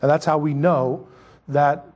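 Husky-voiced man preaching with emphasis. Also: a little high, measured pace, dull audio. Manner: animated preaching that swings between loud emphasis and quiet asides. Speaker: pastor. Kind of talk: sermon.

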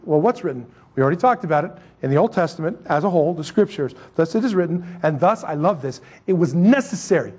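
A male pastor preaching a sermon, swinging between loud emphatic lines and quiet asides. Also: on the high side, animated, quick pace, hardly any pauses, husky.

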